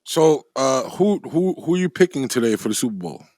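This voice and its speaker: A man co-hosting a podcast, explaining sports points in a measured, casual way. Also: medium pitch, sing-song, a little mellow, dry recording, studio quality. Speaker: podcast co-host.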